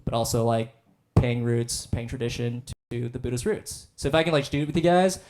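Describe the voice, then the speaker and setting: A man's voice: medium pitch, a little fast, a little mellow. Laid-back young man doing stand-up. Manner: laid-back, filler-heavy, self-deprecating delivery. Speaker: stand-up comedian. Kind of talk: stand-up comedy set. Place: comedy stage before a live audience.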